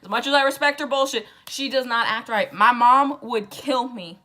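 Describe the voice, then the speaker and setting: A woman's voice: on the high side, moderate pace, sharp tone. A drunk young woman rambling through a casual, profane book summary with sarcastic asides. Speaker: book vlogger.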